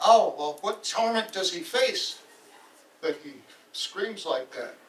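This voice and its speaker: A stubborn Icelander who claims not to know fear, as a man plays him. His blunt questions come from a distance in a fairly high voice. The hall rings around him. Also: lively intonation, slow pace, a little hiss or hum. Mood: bold. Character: bold, stubborn young Icelander warrior. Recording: roomy hall, voice from far off.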